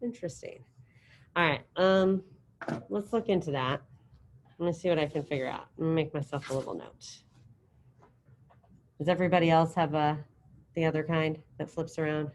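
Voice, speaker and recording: A middle-aged woman teaching a high school Spanish class, leading drills in a chatty, encouraging way. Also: normal speed, pauses often, a little hiss or hum, rough recording. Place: classroom with students present and online.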